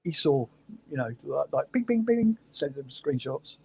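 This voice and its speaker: A man hosting a casual chat, agreeable and quick to answer with short yeahs. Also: on the high side, animated, vocal fry, husky, highs cut off.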